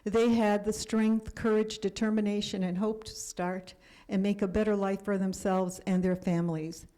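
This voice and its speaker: Older woman, seventies, guest speaker, personal storytelling, earnest, warm mellow voice. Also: medium pitch, level tone, moderate pace, rough recording. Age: 70s. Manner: earnest, drops to a hush for emphasis.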